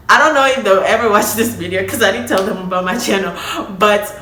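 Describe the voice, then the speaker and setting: A woman's voice: mid-range voice, a little fast, pushed and bright, slight background noise. A young woman vlogger casually telling a personal story to camera, chatty and emotional, calling her viewers y'all. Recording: echoey room with faint ambience.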